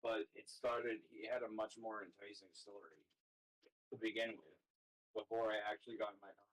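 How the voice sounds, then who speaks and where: A man's voice: on the low side, fairly even intonation, normal speed, rough recording. A man in a live stream chat telling a rambling, profane story, full of "like" and "dude". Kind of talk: casual storytelling.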